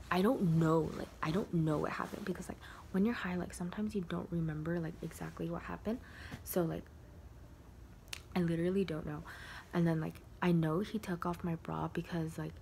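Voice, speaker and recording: A young woman vlogger with a lowish voice tells a rambling storytime, packing "like" into nearly every phrase. She slips into hushed whispers now and then, with faint noise behind her. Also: gravelly. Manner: rambling, heavy use of "like" fillers; drops into soft whispers at times. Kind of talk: casual storytime chat.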